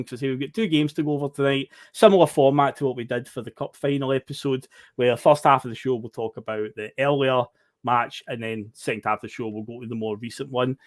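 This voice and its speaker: A man's voice: mid-range voice, no room sound, clean studio sound. A Scottish man hosting a football podcast, chatty and upbeat, often laughing. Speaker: podcast host. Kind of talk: casual football podcast chat.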